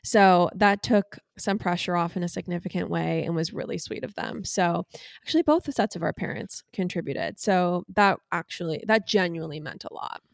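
A woman co-hosting a podcast, telling stories in a casual, animated way. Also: on the low side, moderate pace, gravelly, no echo, clean studio sound. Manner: animated storyteller acting out quotes. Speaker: podcast co-host.

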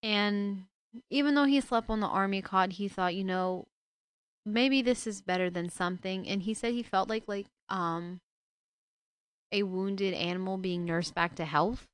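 Woman host retelling a book casually, worked-up asides, smooth voice, dry close sound. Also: mid-range voice, a little slow, no echo. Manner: indignant, emotional asides.

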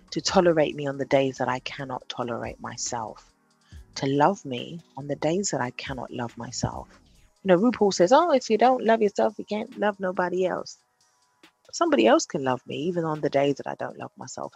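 Gravelly, husky woman podcasting. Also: a bass voice. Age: 30s. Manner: animated, swings from brash self-hype to quiet confession. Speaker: podcast host. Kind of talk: candid solo podcast monologue.

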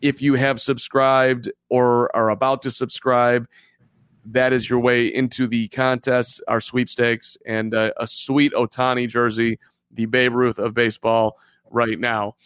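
A man's voice: mid-range voice, little pitch movement, measured pace, a bit bright, clear, resonant tone, no echo. A man co-hosting a live baseball podcast, telling stories in a rambling way and repeating himself. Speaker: podcast co-host. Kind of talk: casual live podcast chat.

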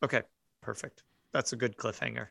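A man's voice: medium pitch, fairly even intonation, brisk, gravelly, pushed and bright, slightly rough, no echo, clean studio sound. A man narrating a tabletop horror game as game master, hesitant, with many fillers and restarts.

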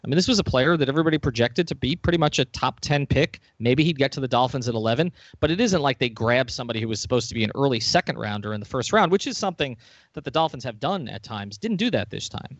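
A man's voice: medium pitch, expressive, fast, no room sound. A man hosting a sports podcast, talking in a chatty, enthusiastic way. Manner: chatty, enthusiastic, laughs often. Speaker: podcast host. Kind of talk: casual sports podcast chat.

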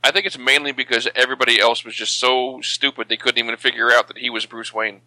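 Bright playful podcast co-host man. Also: medium pitch, fairly even intonation, fast talker, dry recording, poor audio. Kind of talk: casual podcast chat.

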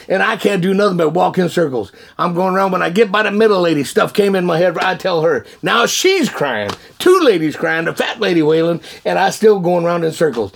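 A man telling his testimony in an animated, folksy way, often laughing and repeating words. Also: high voice, gravelly, breathy edge. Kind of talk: animated storytelling.

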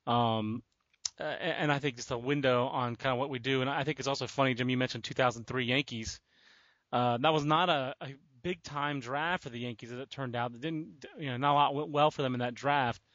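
A man's voice: mid-range voice, brisk, dry recording, muffled recording. Laid-back man chatting on a podcast. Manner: relaxed, many fillers. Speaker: podcast host. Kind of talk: casual podcast chat.

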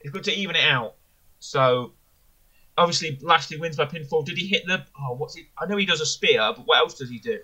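Bright-voiced man chatting wrestling. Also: fairly high pitch, brisk, husky, rough recording. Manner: rambling, enthusiastic, self-correcting. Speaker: podcast co-host. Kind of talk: casual wrestling review chat.

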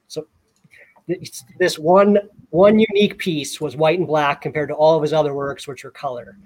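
A man co-hosting a casual podcast, telling a story in an animated way with many repeated words. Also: fairly high pitch, moderate pace. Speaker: podcast co-host.

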